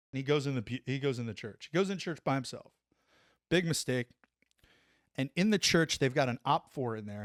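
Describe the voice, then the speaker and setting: Middle-aged guy telling an army story, lots of "like", animated, dry close mic. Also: mid-range voice, no echo. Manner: animated, acts out quotes, says "like" a lot. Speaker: podcast guest, former Army Ranger. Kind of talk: casual storytelling.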